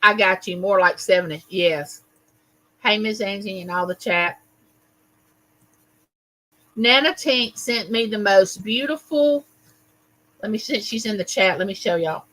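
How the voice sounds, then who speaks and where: A woman's voice: mid-range voice, measured pace, long pauses, fairly bright tone, poor audio. A woman, hosting a casual livestream, telling a story with animation and greeting viewers by name. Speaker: livestream host.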